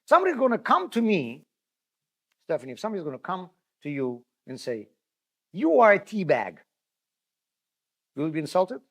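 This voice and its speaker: A man's voice: high-pitched, wildly swooping pitch, normal speed, creaky, long pauses. A man, a rabbi, teaching a class in a conversational, storytelling way, addressing his listeners directly and often restarting his words. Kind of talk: spoken Torah lesson.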